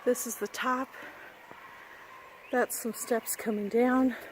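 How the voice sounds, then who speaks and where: A woman's voice: a little high, slow, slight background noise. Chatty woman hiking through caves. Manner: chatty, excited, talking to camera while walking. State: out of breath. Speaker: vlogger. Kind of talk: casual hiking vlog. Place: outdoors in caves and forest. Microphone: phone held while walking.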